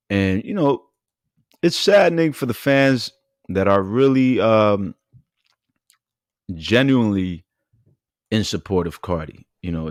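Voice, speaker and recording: A man with a fairly low voice hosts a celebrity news recap, talking in an animated, chatty way and laughing often. The recording is dry and close, with no room sound. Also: no echo. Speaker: radio show host.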